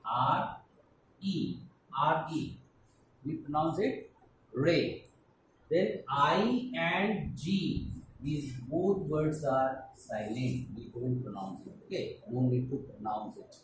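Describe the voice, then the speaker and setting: Slow-spelling Indian teacher in an echoey room. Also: male voice, a little high. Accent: Indian English. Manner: spells letters slowly and repeats syllables. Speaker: school teacher. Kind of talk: slow classroom explanation, spelling out words. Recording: echoey room, mic at a distance, faint hiss.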